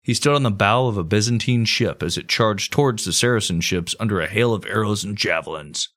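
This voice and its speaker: A man's voice: on the low side, brisk, a bit bright. A man hosting a comedy history podcast, telling the story casually with crude jokes and plenty of swearing. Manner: crude, joking, swears freely.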